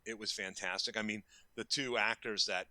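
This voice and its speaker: A man's voice: lowish voice, steady tone, normal speed, sharp tone, no echo. A man in his fifties, a makeup effects artist, telling stories casually in an interview and acting out quoted lines with bursts of energy.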